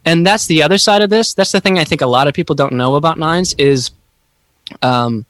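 Brief: reflective male podcast guest, halting and searching, dry close sound. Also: a little high, fairly bright tone, dry recording. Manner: slow, halting, searching for words.

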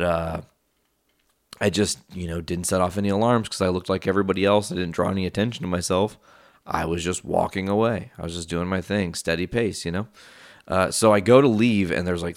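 A man's voice: deep voice, no echo, studio quality. A young man hosting his own show, telling a rambling, profane story in a casual monologue full of asides. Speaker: podcast host.

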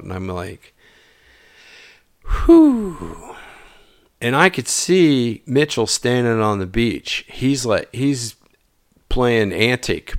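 A man's voice: fairly low pitch, clean tone, no room sound, clean studio sound. A man telling a personal story in a casual way, acting out the dialogue and dropping to a mutter at times. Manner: animated, acts out dialogue, drops to mutters.

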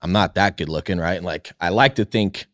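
Deep guy in his 30s, swears a lot, earnest, dry mic. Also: brisk, a bit bright, no echo. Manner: candid, profane, earnest. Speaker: podcast guest, realtor. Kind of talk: casual storytelling on a podcast.

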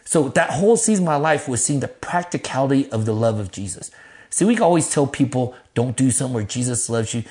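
A middle-aged man, a pastor, telling his life story in an interview in a lively, casual way, acting out quotes in a raised voice and cursing freely. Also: quick pace. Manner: animated, acts out quotes in a high voice, laughs, swears casually.

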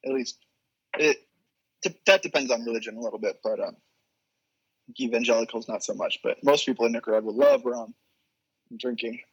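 A young man telling stories in a casual podcast chat, animated and laughing often. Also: medium pitch, fairly quick, long pauses, breathy edge, highs cut off. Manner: laughs often, animated storytelling with quoted voices. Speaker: guest.

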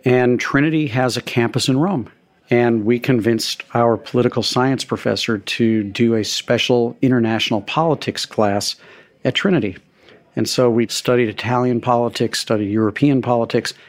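A middle-aged man talks in an easy, anecdotal way, a restaurateur recalling his early days with a touch of self-deprecating humor. His pitch sits in an ordinary middle register, unhurried and conversational. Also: steady tone. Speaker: restaurateur guest. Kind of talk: conversational storytelling interview.

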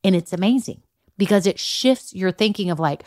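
A woman's voice: medium pitch, lively intonation, moderate pace, darkish tone, no echo. Woman, podcast host, Valley-girl chatter, upbeat, dry close sound. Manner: chatty, upbeat, talks straight to the listener with "okay" and "right"; self-described old-school Valley girl way of talking. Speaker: podcast host and business coach. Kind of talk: solo podcast monologue.

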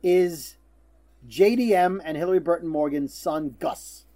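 Mellow-voiced man recapping TV casually. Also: on the high side, measured pace. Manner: loose, chatty, swears casually. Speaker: podcast co-host.

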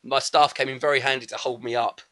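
Fast, bright-voiced man ranting. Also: medium pitch. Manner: quick, animated, jokey ranting. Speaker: podcast co-host. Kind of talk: casual chat reviewing a film.

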